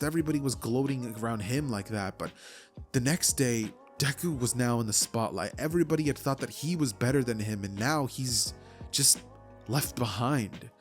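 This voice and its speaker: Casual male fan storyteller. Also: mid-range voice. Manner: casual, chatty, with asides to viewers.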